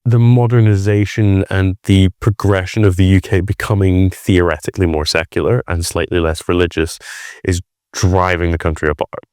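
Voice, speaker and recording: Scottish guy on a podcast, lowish voice, lively storytelling, keeps restarting, dry close sound. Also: moderate pace, clean tone, dry recording. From Scotland. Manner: animated storytelling with many restarts. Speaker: podcast guest. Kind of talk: casual conversation.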